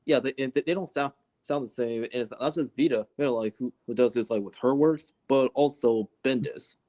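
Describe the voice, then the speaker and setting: A man co-hosting a casual comic book chat, speaking haltingly with many restarts. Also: mid-range voice, dark tone. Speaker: co-host.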